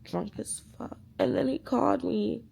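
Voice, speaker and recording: Animated young woman telling a story. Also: high-pitched, a little slow, creaky, husky. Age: 20s. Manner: animated, profane, retelling dialogue in quoted voices. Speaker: vlogger. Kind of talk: casual storytime chat.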